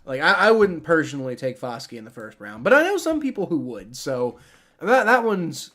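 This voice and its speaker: A young man on a live stream, talking with a lively, bouncing pitch that sits a bit high for a man. He rambles, restarts his sentences and swears freely as he reacts. It sounds like a desk mic at a home streaming setup. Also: normal speed. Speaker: streamer reacting to a sports draft.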